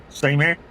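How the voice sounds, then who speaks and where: Medium in pitch and fairly bright in tone, the middle-aged streamer talks casually and rambles through a driving game, laughing and swearing frequently, with slight noise in the background.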